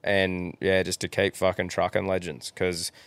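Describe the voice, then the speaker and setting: A man's voice: sits low, little pitch movement, moderate pace, a bit bright, dry recording. A young Australian man co-hosting a casual podcast, laid-back and encouraging, swearing freely. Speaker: podcast co-host.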